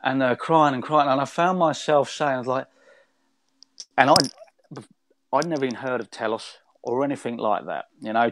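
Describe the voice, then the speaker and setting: A man's voice: mid-range voice, no room sound. Man telling a rambling spiritual story. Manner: rambling, with many restarts. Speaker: guest. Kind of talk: conversational storytelling.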